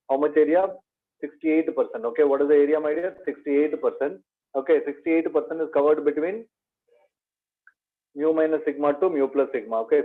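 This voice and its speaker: Man, maths revision lecture, fairly high voice, repeats points as questions, thin phone-like sound. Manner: repeats points as questions to students, says "my dear". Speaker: maths teacher.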